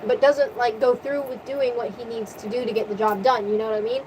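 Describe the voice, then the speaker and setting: Animated woman ranting, voice tiring. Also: fairly high pitch, background noise. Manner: animated, profane, rapid recap. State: voice tiring from long talking. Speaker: vlogger. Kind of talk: casual storytelling rant.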